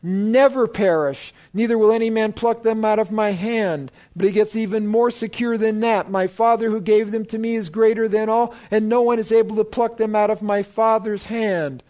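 Male pastor, high voice, emphatic preacher who quizzes his flock. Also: steady tone, normal speed, hardly any pauses, a little mellow. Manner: emphatic preaching with rhetorical questions to the congregation. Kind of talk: sermon.

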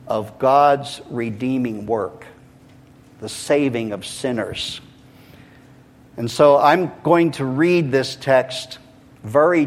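A man preaching a sermon, reading scripture rhythmically and with emphasis, his voice swelling on key phrases. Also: medium pitch. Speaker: pastor. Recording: long hall reverb.

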